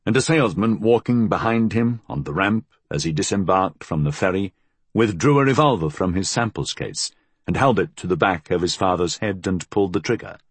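Deep-voiced male audiobook narrator. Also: breathy edge, no room sound. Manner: measured, expressive storytelling.

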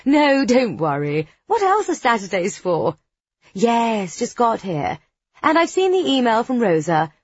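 A woman's voice: on the high side, very animated, a little slow, darkish tone, slightly rough, no room sound, lo-fi sound, voice pushed up, exaggerated voice. A woman voicing a smug, fashionable businesswoman who gushes on the phone in an affected way. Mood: brisk bossy. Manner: gushing, affected phone chatter. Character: smug posh businesswoman, fashionable and self-satisfied.

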